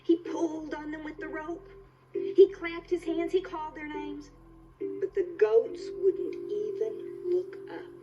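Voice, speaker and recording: A young woman storyteller telling a children's tale on a kids' TV show in a playful, expressive, sing-song way. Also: high voice, a little slow. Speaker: visiting storyteller. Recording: dull TV soundtrack with music.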